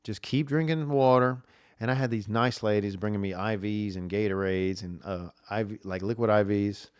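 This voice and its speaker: Smooth, dry-voiced man rambling. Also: lowish voice, moderate pace, no room sound. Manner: rambling, says "dude" and "like" a lot. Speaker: podcast host. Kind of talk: casual storytelling.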